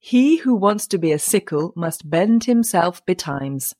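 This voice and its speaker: A woman's voice: lowish voice, expressive, unhurried, warm tone. Lady doing a smug older brother sneering at his sibling. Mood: mocking. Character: smug, sensible elder brother.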